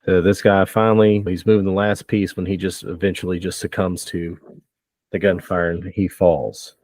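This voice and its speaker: A man running a tabletop game as game master, narrating with relaxed banter and frequent laughs. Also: sits low, moderate pace, no echo.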